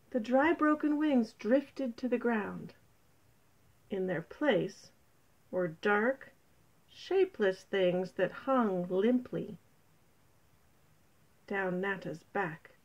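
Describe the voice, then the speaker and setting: A woman reading a children's story aloud in a gentle, unhurried narration. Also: fairly high pitch. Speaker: storybook reader. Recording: dull lo-fi recording.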